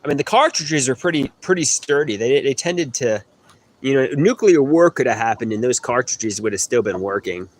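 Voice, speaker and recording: A man's voice: medium pitch, expressive, moderate pace. A man chatting in a rambling way on a phone livestream from an outdoor swimming pool, putting on a mock New York accent. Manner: rambling, hums and sings snippets. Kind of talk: casual livestream chat answering comments. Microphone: phone camera.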